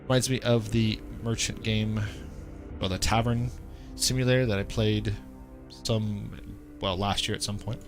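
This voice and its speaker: A man's voice: on the low side, level tone, unhurried, over music. A man streaming a game, reading its story text aloud and adding casual remarks of his own. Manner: reads narration evenly, then breaks off into chatty asides.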